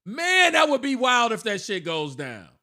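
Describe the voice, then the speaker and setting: A man's voice: very high voice, wildly swooping pitch, a little slow, pushed and bright. A man co-hosting a podcast, reacting bluntly and swearing in a casual political chat. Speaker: podcast co-host.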